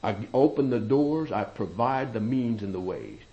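A man voicing the devil as a tempter within a sermon, speaking low, hushed and coaxing, on a dull lo-fi recording. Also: expressive, moderate pace, close to an everyday voice. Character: the devil, a tempter luring with promises.

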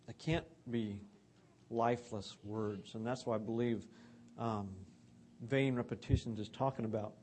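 A man's voice: lowish voice, steady tone, measured pace, a little mellow, a little hiss or hum. A man giving an earnest, conversational sermon about scripture.

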